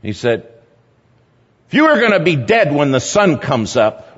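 A man speaking at a church gathering, telling a sermon story in a lively anecdotal way and chuckling at his own tale. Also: a little high, a little slow, husky. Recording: dull, echoey hall recording.

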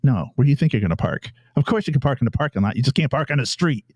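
A man chats casually in an easygoing, rambling way. His voice sits at a middle pitch. The sound is dry and close to the mic. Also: lively intonation, very fast, darkish tone, slightly rough, no room sound, faint music behind. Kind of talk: casual chat.

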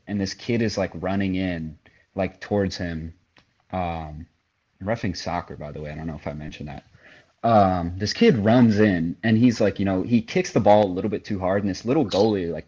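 Low-voiced young man telling a story. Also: darkish tone, slightly rough, lo-fi sound. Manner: storytelling, heavy filler words. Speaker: podcast co-host. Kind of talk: casual chat.

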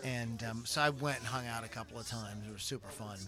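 A man's voice: mid-range voice, a little fast, a crowd in the background. A man with a slight Pittsburgh accent hosting a casual podcast, rambling and full of ums, laughing easily. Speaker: podcast host.

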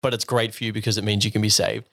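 A man's voice: fairly low pitch, little pitch movement, very fast, creaky, fairly bright tone. A young man co-hosting a casual faith podcast, earnest and a little rambling, with playful asides. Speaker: podcast co-host.

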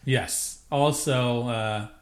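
A man co-hosting a podcast, talking casually in a relaxed, rambling way with many hesitations. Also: mid-range voice, drawn-out words. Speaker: podcast co-host. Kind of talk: casual chat.

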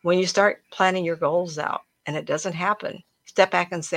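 Middle-aged woman, spiritual talk host; low, gravelly, dry-miked; chatty and emphatic storyteller. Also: fairly even intonation, moderate pace, a bit bright, no room sound. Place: room at home with plants.

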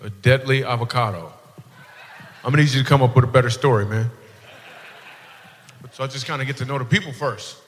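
This comedian speaks in a mid-range voice, a little quickly, leaving long pauses as he does crowd work on stage. He ribs people in the audience playfully and cracks himself up, heard through a handheld mic with long hall reverb and faint room noise.

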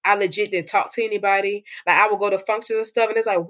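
A woman's voice: mid-range voice, flat delivery, quick pace, fairly bright tone. A young woman giving a candid, emotional personal testimony as a guest in a conversational interview.

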